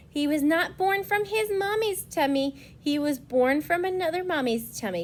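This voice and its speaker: A young woman, a preschool teacher, reading a picture book aloud to children and explaining it in simple words. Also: high voice. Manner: slow, explanatory, expressive storytelling.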